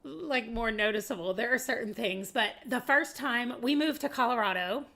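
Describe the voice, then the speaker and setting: A chatty woman from southeastern Arkansas, talking in a Southern US accent. Her voice is bright and a touch high, and she rambles along in casual talk to camera, laughing easily and calling her viewers y'all. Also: moderate pace. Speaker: booktuber.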